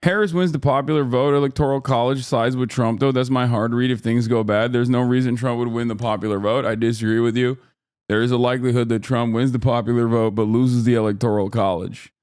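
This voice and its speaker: A man commenting on a live stream, ranting in an animated, profane way. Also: medium pitch, fairly quick, smooth. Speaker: streamer reacting to clips.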